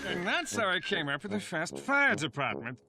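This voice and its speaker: Chuckling old inventor. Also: male voice, high voice, huge pitch swings, normal speed, full character voice. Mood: bemused. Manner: mild, chuckling, bemused. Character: genial older founding-father inventor. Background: background music.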